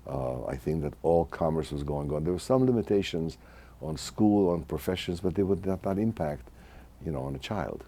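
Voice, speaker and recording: A man in his eighties who grew up in Hungary, recalling his childhood in a measured, reflective oral history interview. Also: very deep voice, lively intonation, warm tone. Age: 80s. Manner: measured, reflective, restarts mid-phrase.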